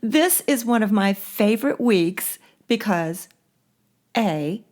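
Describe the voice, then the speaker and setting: A middle-aged woman hosting a casual monologue, chatty and lively, laughing often as she tells stories. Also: mid-range voice, takes it slowly. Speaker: podcast host.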